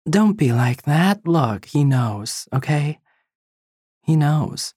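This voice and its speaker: The reader voices a composed married woman in a storybook, speaking in a controlled, quiet way. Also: mid-range voice, animated, slow pace, breathy edge, no room sound, studio quality. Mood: coaxing.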